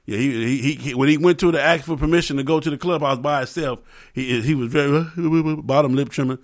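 A man with a brisk, mid-range voice hosts a casual comedic podcast. His rant is loose, profane, and joking, packed with asides to his listeners.

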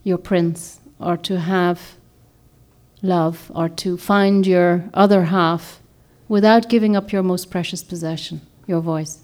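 A woman's voice: fairly low pitch, fairly even intonation, slow, a little mellow. A woman author giving a reflective, rambling talk to a group, often searching for words and restarting her sentences. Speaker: author and speaker.

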